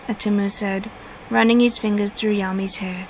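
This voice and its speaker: A woman reading her own fanfiction aloud at a steady pace, now and then correcting herself. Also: medium pitch, moderate pace, a little hiss or hum, poor audio.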